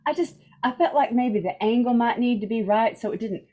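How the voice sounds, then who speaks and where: A woman's voice: a little high, fairly quick, lo-fi sound, lightly acted. A woman voicing a polite, easygoing adventurer in a tabletop game, rambling chattily. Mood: friendly. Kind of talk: tabletop role-play.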